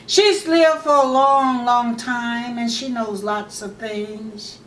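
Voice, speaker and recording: A woman's voice: on the high side, steady tone, slow, a bit bright, a little hiss or hum. A woman storyteller voicing a plain-spoken farmer giving directions, recorded from far off in an echoey room. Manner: doubtful, then helpful. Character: plain-spoken farmer father painting a house.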